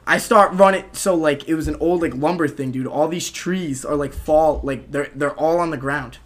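A young man telling a rowdy story on a casual podcast, animated, swearing and saying "dude" a lot. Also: a little high, moderate pace.

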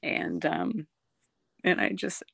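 A guest in an interview telling a personal recovery story in an earnest, emotional way, halting often with ums and restarts. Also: medium pitch, very animated, gravelly, a bit bright, breathy edge, dry recording, studio quality.

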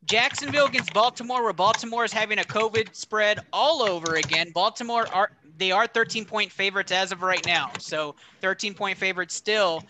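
A man hosting a casual sports picks chat, energetic, running the rounds and calling on each panelist. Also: sits high, brisk, hardly any pauses, noisy background. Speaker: podcast host.

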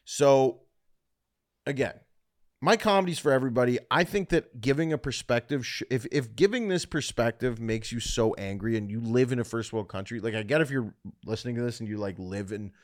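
A man's voice: medium pitch, expressive. A comedian from Canada hosting his own podcast, delivering a blunt, profane solo rant. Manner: blunt, profane, fast ranting. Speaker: comedian host.

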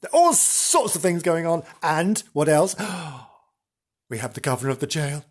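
A man presenting in a theatrical, camp way, telling spooky stories with gasps and playful asides. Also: on the high side. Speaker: radio-style presenter. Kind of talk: comic spooky storytelling.

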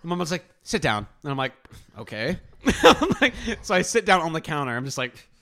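Young man, a co-host, telling stories with laughing; voice rides up and down a lot, a little high, close and dry sound. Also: fast talker, creaky, no room sound. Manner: animated storytelling, lots of laughing. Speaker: podcast co-host. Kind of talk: casual chat.

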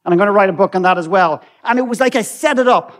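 An Irish man speaks from a stage, telling a story from his work and voicing the people in it. His voice sits high for a man. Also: quick pace. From Ireland. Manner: storytelling, acting out dialogue. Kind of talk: storytelling talk.

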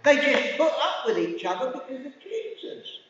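High-voiced English preacher in a roomy hall. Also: male voice, very animated, normal speed, a bit bright. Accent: English, Hertfordshire. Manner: conversational, asks the congregation questions. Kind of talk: sermon. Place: community centre hall. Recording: distant, roomy hall recording, dull sound.

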